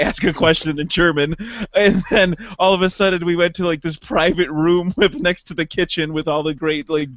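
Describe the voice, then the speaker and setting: A man co-hosting a casual podcast, telling travel stories with lively pitch jumps and mimicked voices. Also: dry recording, muffled recording. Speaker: podcast co-host. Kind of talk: casual chat.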